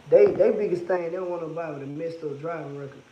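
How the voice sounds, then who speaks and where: A man with a notably high speaking voice talks loosely and candidly to viewers over a livestream. He reads their comments out as he goes. The phone audio carries a roomy echo and faint background hiss. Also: fast talker, muffled recording. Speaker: livestream host. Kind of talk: casual livestream chat with viewers.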